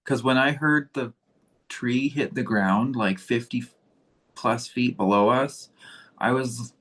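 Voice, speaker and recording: A man's voice: mid-range voice, slow pace, a bit bright. Guy chiming in on a podcast, laid-back, casual. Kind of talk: casual chat.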